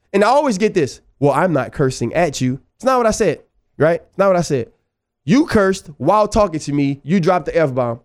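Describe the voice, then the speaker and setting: High-voiced New Orleans man telling stories. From New Orleans, USA. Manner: animated, digressive, peppered with "right?". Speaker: podcast host. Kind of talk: casual storytelling monologue.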